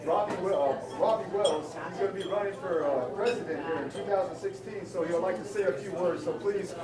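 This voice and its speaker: A male TV host introduces his guest haltingly, with many fillers. His voice sits high, and it is caught far from the mic in an echoey room with a loud crowd behind him. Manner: hesitant, filler-laden introduction. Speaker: TV show host. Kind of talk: event introduction.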